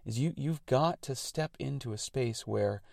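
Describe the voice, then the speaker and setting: A man's voice: medium pitch, unhurried, creaky, a little mellow, no echo, studio quality. A man hosting a radio show, talking through technical details and his thoughts in an earnest, reflective monologue.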